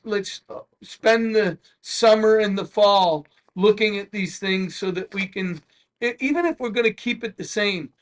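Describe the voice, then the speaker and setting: High-voiced mayor rambling at a meeting. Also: male voice, a bit bright. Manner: rambling, many restarts, folksy asides. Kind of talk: public meeting remarks.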